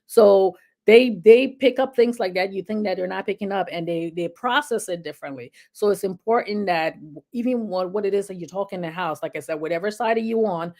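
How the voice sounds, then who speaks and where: A woman's voice: medium pitch, a little fast, warm tone. A middle-aged woman giving casual health advice to parents, chatty and often checking in with "okay?". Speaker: health video host.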